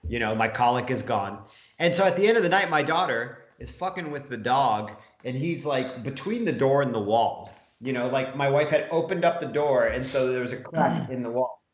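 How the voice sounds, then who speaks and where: A man's voice: medium pitch, moderate pace. Profane rambling man telling stories. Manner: profane, rambling, animated storyteller. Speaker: podcast co-host. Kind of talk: casual storytelling chat. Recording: roomy, dull lo-fi sound.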